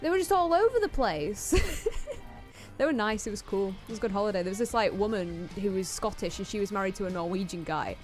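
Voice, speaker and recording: A woman's voice: medium pitch, lively intonation, a little fast, soft background music. Chatty young woman with a light Yorkshire accent. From Yorkshire, England. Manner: laughing often, chatty, swears casually. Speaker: co-host. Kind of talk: casual chat over gameplay.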